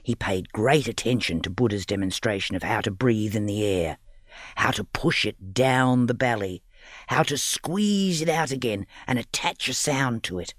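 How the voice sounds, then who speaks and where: A man narrating a children's audiobook story in an expressive, playful reading. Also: medium pitch, normal speed, dry recording, clean studio sound.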